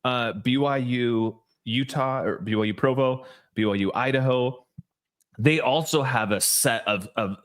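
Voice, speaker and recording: A male podcast co-host with a mid-range voice talks a little slowly. He's an animated storyteller in casual chat, leaning on "like" and frequently restarting his sentences.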